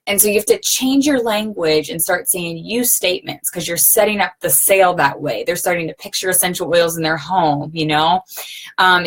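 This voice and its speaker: A woman giving a casual sales training talk, conversational, checking in with her listeners often. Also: on the low side. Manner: conversational, often checks in with "okay?" and "you know".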